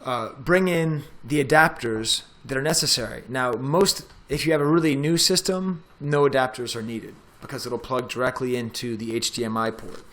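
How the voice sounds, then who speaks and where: A man's voice: medium pitch, normal speed, hardly any pauses, fairly bright tone. Chatty man demoing slides. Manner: casual, chatty, talks while clicking through steps. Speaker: professor. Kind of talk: screen-recorded tech tutorial.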